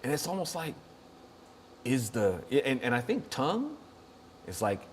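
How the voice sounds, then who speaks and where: A man's voice: medium pitch, wildly swooping pitch, a little slow, a little hiss or hum. Joking, rambling male show host. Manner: jokey, rambling, laughs often. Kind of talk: casual comedic chat.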